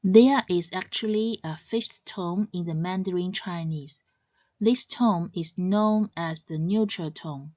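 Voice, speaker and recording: A woman narrates a scripted lesson very slowly, setting out each point in a measured, explanatory way. Her voice sounds close and dry, with no room around it. The sound is a little dull and lo-fi. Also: on the low side, a little mellow, no room sound. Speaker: language teacher.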